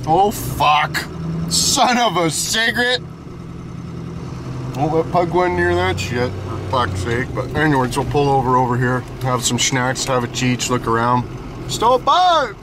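A man's voice: medium pitch, unhurried. A man vlogging from behind the wheel, joking and swearing constantly in slangy talk. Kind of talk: casual driving vlog. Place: inside a moving car. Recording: car road noise.

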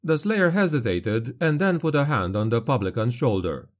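A man narrating a dark fantasy audiobook in a steady, dramatic storytelling manner. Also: mid-range voice, moderate pace.

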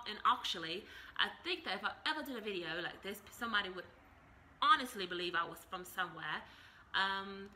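A woman's voice: mid-range voice, bright, forceful tone, a little hiss or hum. A woman in her thirties talking casually to the camera as a vlogger, playful and over the top. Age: 30s. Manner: playful, over-the-top, self-described extra.

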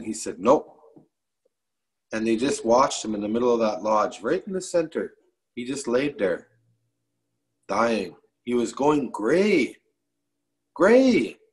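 A man from Canada telling a traditional story in a measured, repetitive way, with frequent restarts. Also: medium pitch, lively intonation. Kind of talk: oral storytelling.

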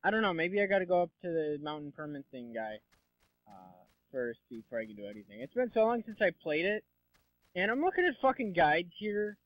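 Young male let's-player, slightly high voice, loose profane rambling, dead-dry lo-fi recording. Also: dry recording. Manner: rambling, profane, sarcastic asides. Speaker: let's play commentator. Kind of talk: casual gameplay commentary. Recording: dull lo-fi dry mic.

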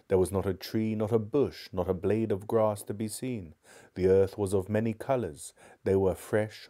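A man with a low voice reads a children's classic aloud live, steady and measured. Between chapters he chats in a relaxed, easygoing way as a book club host. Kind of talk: live audiobook reading and casual chat.

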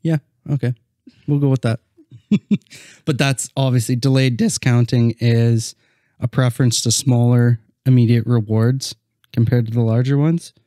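A young man and student co-hosting a casual podcast, explaining ideas calmly and answering in short replies. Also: medium pitch, moderate pace, dry recording, studio quality. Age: young adult, a student. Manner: calm, explains plainly, brief replies. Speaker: podcast co-host. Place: home, on a couch.

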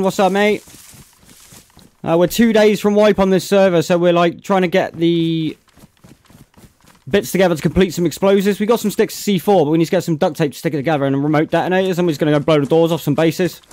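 A British gamer chats casually on his live stream, calling out chat viewers by name while commenting on his play. His pitch is fairly high and his tone a little mellow, in a dry recording.

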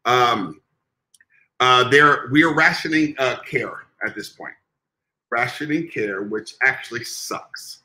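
A man's voice: mid-range voice, slow, sharp tone, poor audio. A man co-hosting a podcast in casual chat, sassy, dramatic and profane. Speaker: podcast co-host.

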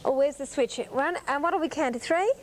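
A woman's voice: high voice, brisk, a crowd in the background. A woman hosting a children's television show, coaxing and encouraging preschoolers in a studio with a sing-song manner. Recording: hissy 1980s TV broadcast tape.

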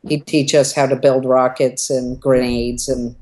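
A middle-aged woman from Southern California with a notably low voice shares stories from her life as an interview guest. She talks casually, animated, breaking into laughter between anecdotes. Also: a little slow.

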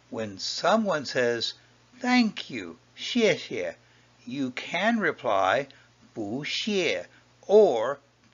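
A man teaching a language lesson, patiently explaining and repeating each example in a slow, explanatory way. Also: medium pitch, a bit bright. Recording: dull lo-fi audio.

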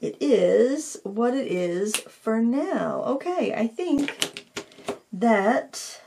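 A woman's voice: on the high side, animated, drawn-out words, vocal fry, warm tone, slight background noise. A woman hosting a painting tutorial, casually thinking aloud as she works and candidly admitting she isn't fond of the piece. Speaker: craft video host.

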